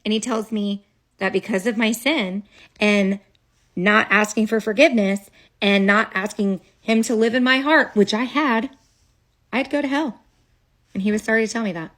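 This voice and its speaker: A woman's voice: mid-range voice, moderate pace, fairly bright tone. A woman telling a childhood story straight to a phone camera, casual and dramatic, with chatty asides.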